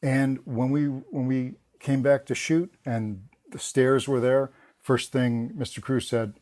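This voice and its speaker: A man of ordinary pitch recounts stories as a podcast guest. He is lively and amused, breaking into laughs and circling back over his own words. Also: unhurried. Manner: animated anecdotes with frequent laughs and restarts. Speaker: guest, former film production assistant. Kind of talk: casual interview storytelling.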